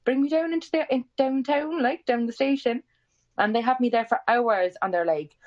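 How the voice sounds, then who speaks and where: A woman in her twenties with an Irish accent, a podcast guest telling a story in casual chat, animated and swearing freely, acting out quoted lines with big jumps in pitch. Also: highs cut off. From Ireland.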